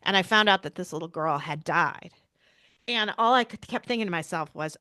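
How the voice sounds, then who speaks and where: A woman's voice: lowish voice, lively intonation, a little fast, sharp tone, no echo, studio quality. A middle-aged woman, a pediatrician, telling a personal story in an interview with earnest, searching speech and frequent restarts. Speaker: pediatrician and bereaved mother, guest.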